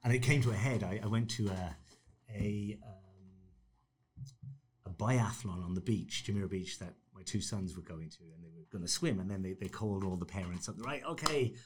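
A man's voice: low voice, normal speed. A man in his fifties, a podcast guest, telling anecdotes with energy, laughing often and acting out what others said. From Ireland. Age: 50s. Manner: animated storyteller, acts out quotes in raised voices, laughs often. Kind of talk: casual storytelling interview.

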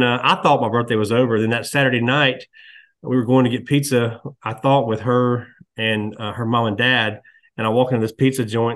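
Storytelling man in his fifties. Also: medium pitch. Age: 50s. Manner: storytelling, animated when quoting others. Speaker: podcast host. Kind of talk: casual chat.

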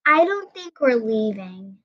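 Lady putting on a goofy bubbly schoolgirl bestie, high sing-song, muffled sound. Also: very animated, takes it slowly, a bit bright, exaggerated voice. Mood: hesitant. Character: cheerful oddball schoolgirl best friend. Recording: dull lo-fi recording.

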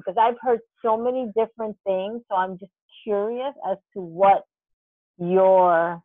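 A woman's voice: mid-range voice, measured pace, no room sound. A woman in a casual chat, asking curious questions and giggling between them. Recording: dry, phone-like sound.

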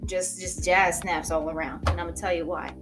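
A woman's voice: fairly low pitch, level tone, normal speed, over music. Chatty laughing woman telling stories. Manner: chatty, laughs often, lots of "like" and "you know". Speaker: podcast host and coffee shop worker. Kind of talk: casual storytelling chat.

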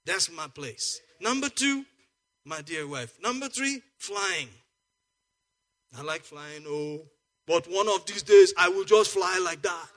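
Lively high-voiced preacher man. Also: takes it slowly. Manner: lively, jokey, swings from soft asides to loud exclamations. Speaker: pastor. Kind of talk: sermon.

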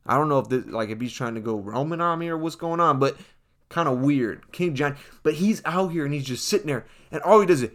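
A man's voice: a little high, animated, brisk, a bit bright. A young man hosting a casual comedic monologue, joking and slangy, often calling listeners folks.

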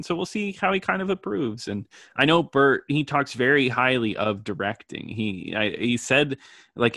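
Bright, dry-voiced male podcast co-host. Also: on the low side, dry recording. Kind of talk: casual movie review chat.

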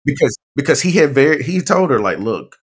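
A man co-hosting a podcast in casual chat, animated and acting out characters' lines as he recounts them. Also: a little high, fast talker, slight background noise. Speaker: podcast co-host.

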